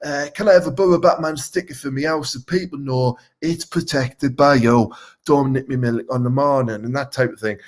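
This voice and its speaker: A man's voice: medium pitch, normal speed, lightly acted. A man with a Teesside accent playing a crude, boastful local superhero wannabe, rambling and swearing through a live comedy Q&A. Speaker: comic superhero character.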